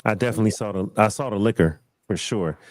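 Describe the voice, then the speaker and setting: Deep-voiced, mellow man hosting a stream. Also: fast, no room sound. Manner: loose, repeats questions to the panel. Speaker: live stream host. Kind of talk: casual discussion hosting.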